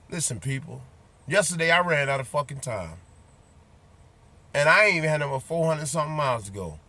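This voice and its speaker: A man's voice: fairly high pitch, big pitch swings, fairly quick, long pauses, sharp tone. Man, truck driver, heated casual vlog rant, profane, blunt, talks straight to viewers. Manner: repeats points, addresses viewers directly.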